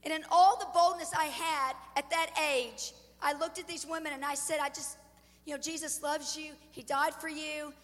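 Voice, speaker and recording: A woman in her forties preaches a personal testimony, earnest and emphatic, her intensity building as she speaks. Her voice sits high. It rings out with a long reverb in a large church hall. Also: steady tone, moderate pace, a bit bright. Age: 40s. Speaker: ministry president, guest speaker. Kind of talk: sermon testimony.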